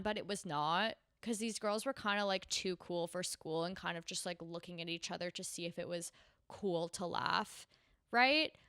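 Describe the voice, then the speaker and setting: A woman's voice: mid-range voice, sharp tone, smooth, no echo, studio quality. A young woman hosting a casual podcast, a stand-up comic who swears freely and acts out the people she quotes. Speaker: podcast host and stand-up comedian.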